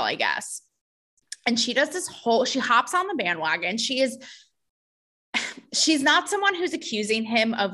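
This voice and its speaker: Brief: woman podcast host, solo rant, sarcastic and profane, bright forceful tone, slightly high voice. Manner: sarcastic and blunt, swears, mocking voices. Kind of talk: opinionated solo podcast monologue.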